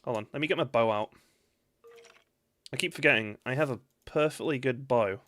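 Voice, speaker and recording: A man's voice: medium pitch, normal speed, fairly bright tone, no room sound. A man giving casual, self-mocking commentary while playing a game. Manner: chatty and self-mocking, laughs often. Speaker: gaming streamer.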